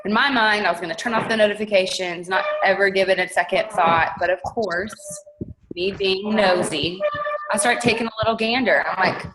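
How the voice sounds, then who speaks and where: A young woman tells her story in a loose, chatty way. Her pitch sits mid-range, and she stays animated throughout. A faint noise runs under the call audio. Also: normal speed. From Texas. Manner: chatty, animated, laughs often. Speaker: guest.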